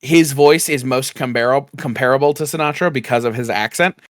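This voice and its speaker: A man's voice: mid-range voice, brisk, no room sound. Laid-back man co-hosting a podcast. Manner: laid-back, swears casually, laughs along. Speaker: podcast co-host. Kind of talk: casual chat.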